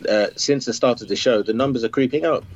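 A man calling in to the show, speaking earnestly and encouragingly in a halting way. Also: medium pitch, lo-fi sound, slight background noise. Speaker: caller. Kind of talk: phone-in call.

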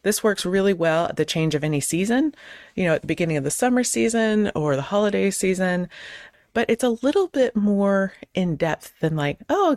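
A woman host in her thirties giving casual advice on conversation, acting out both sides of sample chats in quick changes of voice. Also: mid-range voice, darkish tone, dry recording, studio quality. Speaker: podcast host; clergy.

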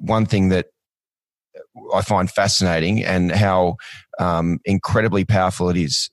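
Low-voiced male interviewer. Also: dry recording. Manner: attentive, reflective questions with fillers.

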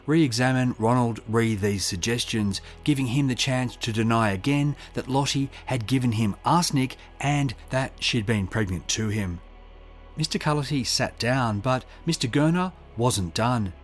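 A man's voice: mid-range voice, soft background music. Man narrating a true-crime story. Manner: measured, reads quotes aloud.

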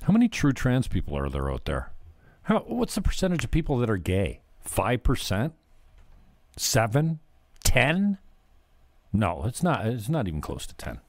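A man's voice: medium pitch, huge pitch swings, moderate pace, no room sound. A man hosting a podcast, rambling through casual political commentary with profanity and sarcasm. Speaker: podcast host.

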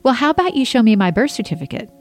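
A woman's voice: a little high, very animated, rapid-fire, darkish tone, soft background music, pitched above the performer's own voice. Woman doing her pushy teenage self. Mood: eager. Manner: eager, wheedling. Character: curious, pushy teen girl.

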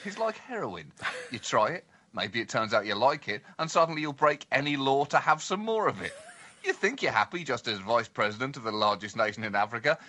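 A man co-hosting a satirical comedy podcast, telling stories in a lively, mock-grand way and building up to punchlines. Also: medium pitch, brisk.

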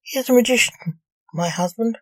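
A woman's voice: on the high side, animated, moderate pace, no echo, low-quality recording. A woman voicing a shy, nervous female grey alien who is a man's wife.

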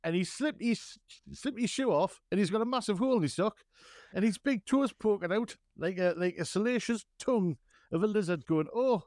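A man's voice: high-pitched, a little fast, a little mellow, dry recording. A man co-hosting a podcast, chatting casually and teasing his friend with comic stories. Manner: playful storyteller, teasing, dips into jokey voices. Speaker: podcast co-host. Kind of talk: casual banter.

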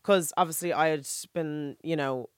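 A woman co-hosting a podcast, telling stories in a lively, easygoing way. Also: deep voice, normal speed, clean tone, dry recording, studio quality. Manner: lively storytelling, laughs easily. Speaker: podcast co-host. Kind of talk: casual chat.

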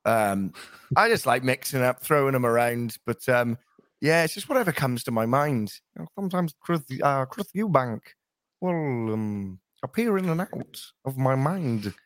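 A male voice actor and impressionist, talking in a lively, self-interrupting way during a casual interview. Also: medium pitch, moderate pace, dry recording, clean studio sound.

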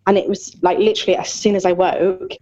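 A woman's voice: lowish voice, flat delivery, fast, mellow, dull audio. A woman in her thirties chatting candidly as a podcast co-host, open and talkative with lots of fillers and self-mocking jokes. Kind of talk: candid casual chat.

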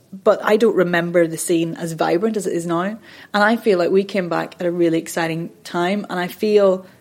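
A woman's voice: lowish voice, darkish tone. Chatty woman voice coach in her thirties. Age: 30s. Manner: chatty, rambling, self-deprecating with frequent restarts. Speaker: voice and accent coach. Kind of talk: conversational podcast interview.

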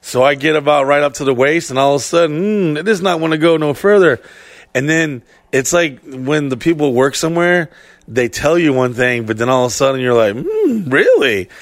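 A man co-hosting a podcast, telling stories in a casual, animated, heavily profane way and acting out what people said. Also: on the high side, brisk, dry recording. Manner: profane, animated storytelling with acted-out quotes. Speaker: podcast co-host. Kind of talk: casual storytelling chat.

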